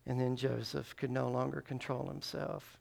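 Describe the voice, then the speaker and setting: A man's voice: mid-range voice, flat delivery, normal speed, creaky, darkish tone. A male pastor preaching a sermon, retelling a Bible story with emotion and briefly singing a refrain.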